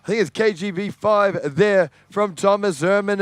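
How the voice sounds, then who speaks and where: A man calling a live sports event, excitable and rising to shouts on the big moments. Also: high-pitched, moderate pace, smooth, no echo. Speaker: sports commentator.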